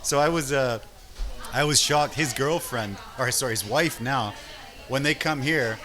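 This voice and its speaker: A man from Canada, probably in his thirties, runs a restaurant and spins casual stories about food and family. He talks in loose, rambling sentences. His voice sits at a middle pitch and stays warm and easygoing. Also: a little slow. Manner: animated anecdotes with lively acted-out quotes. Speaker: restaurant owner and chef. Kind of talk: casual storytelling interview.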